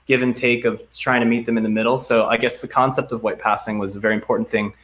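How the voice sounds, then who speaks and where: A young man speaks from home over a video call, and his voice comes through bright and clear. He reads donor names with plenty of uhs and ums and thanks each one warmly. The pitch sits in a middle range for a man. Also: level tone, quick pace. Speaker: guest actor. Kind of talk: casual video-call chat.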